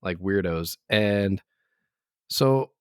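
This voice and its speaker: Extremely slow and sitting low, his clear, resonant voice carries anecdotes on a casual podcast he co-hosts. He laughs through the tales and mimics the people he quotes; there's no room sound, just clean studio audio.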